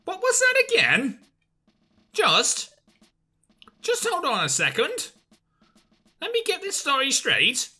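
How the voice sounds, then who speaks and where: A man doing a shrill fussy parrot. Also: huge pitch swings, takes it slowly, pauses often, sharp tone, heavily acted. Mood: impatient. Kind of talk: fan voice-over of a game.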